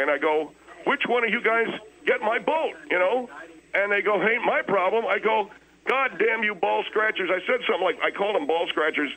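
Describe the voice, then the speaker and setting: A man's voice: high voice, pushed and bright, poor audio. A man playing a rambling, defensive boater who tells his mishaps at length. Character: middle-aged man, blustering hapless boater.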